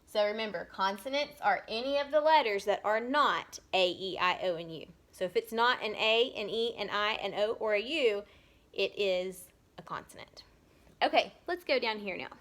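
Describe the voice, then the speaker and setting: A woman teacher giving a recorded lesson to young children, patiently stretching out words so they can be heard clearly. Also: medium pitch, fairly bright tone. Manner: slow, patient, drawn-out sounding of words.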